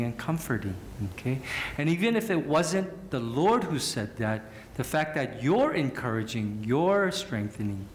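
A man in his thirties from Southern California, preaching a sermon as a pastor in an animated, joking, self-mocking storytelling way. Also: medium pitch, roomy sound, a little hiss or hum.

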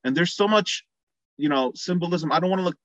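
A man's voice: high-pitched, brisk, fairly bright tone, no echo, lo-fi sound. A man preaching a sermon in a conversational way, acting out the people in the story as he goes. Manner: conversational, acts out quoted voices.

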